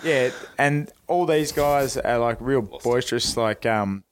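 A man's voice: medium pitch, takes it slowly, clear, resonant tone. A young Australian man with an Australian accent, a guest telling stories in a laid-back, casual way and swearing freely. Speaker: guest, professional boxer. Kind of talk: casual storytelling on a podcast.

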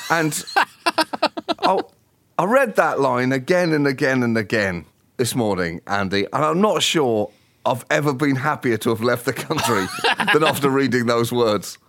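A man's voice: mid-range voice, expressive, normal speed, fairly bright tone, no echo. A man co-hosting a satirical comedy show, arch and ironic with theatrical outrage. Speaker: co-host.

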